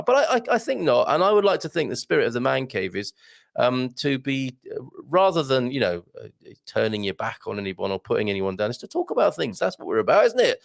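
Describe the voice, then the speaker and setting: Wry chatty British man with gravelly voice. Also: mid-range voice. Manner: chatty, wry, lots of ums and asides. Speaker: live show host reading viewer comments. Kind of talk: casual live-stream chat.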